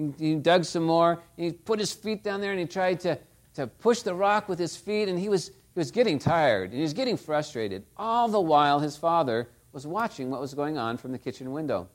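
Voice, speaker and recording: A man preaching a sermon, telling stories and asking the listeners rhetorical tag questions. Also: fairly high pitch. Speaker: pastor.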